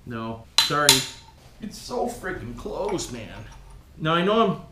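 A man's voice: fairly high pitch, very animated, slow, heavy background noise. A man hosting a casual workshop vlog, folksy and foul-mouthed, talking to his viewers as he works on an engine with tools. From Canada. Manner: folksy, swears a lot, keeps calling viewers "boys". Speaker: vlog host rebuilding an engine. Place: home workshop, working with tools. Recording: echoey room with loud tool clatter.

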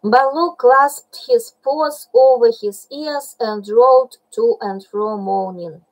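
Woman narrator, audiobook reading, slow, high-pitched. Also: poor audio.

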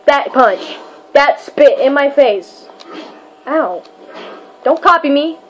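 High-voiced woman gamer, excitable and goofy, swooping pitch, unhurried between yelps. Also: poor audio. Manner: excitable, yelps and cries out during fights; goofy, self-mocking. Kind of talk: let's play commentary.

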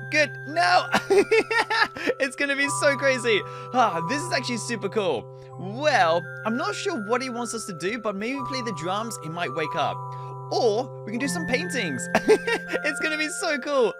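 A young man hosting a game video, giving excitable commentary with frequent laughs and loud squeals. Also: very high-pitched. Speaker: gaming video host.

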